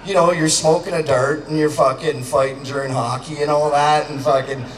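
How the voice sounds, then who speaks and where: A man from Canada giving a crude, joking outdoor rally speech, shouting to a crowd. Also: fairly high pitch, steady tone, moderate pace. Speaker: public speaker. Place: outdoor public gathering. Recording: echoey and distant, faint background noise.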